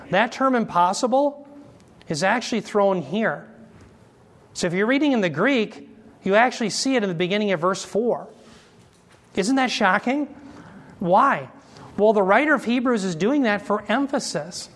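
A man teaching an expository sermon, explaining Greek terms slowly and asking his listeners questions as he goes. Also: sits high, animated, a bit bright. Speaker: Bible teacher.

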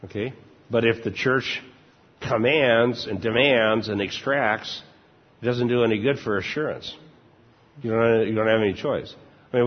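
Brief: older male pastor, husky and lowish, chatty and chuckling sermon delivery, dull recording in a reverberant church. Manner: chuckles often, relaxed and informal. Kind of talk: conversational sermon.

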